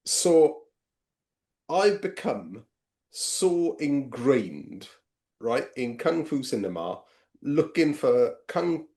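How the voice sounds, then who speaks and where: Lively man chatting films. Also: medium pitch, drawn-out words. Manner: animated, swears casually, laughs often. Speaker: podcast co-host. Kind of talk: casual film chat.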